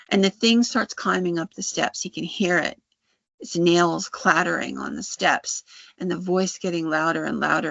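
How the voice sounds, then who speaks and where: A podcast host casually retelling a folk tale, with frequent restarts and halting phrasing. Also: medium pitch, gravelly, pushed and bright, no room sound, highs cut off.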